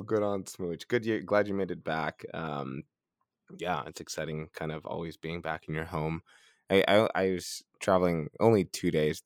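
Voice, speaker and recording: A man's voice: low-pitched, dry recording, studio quality. A man co-hosting a health podcast, chatting casually and laughing often. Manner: laughs often, loose and joking. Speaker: podcast co-host, strength coach.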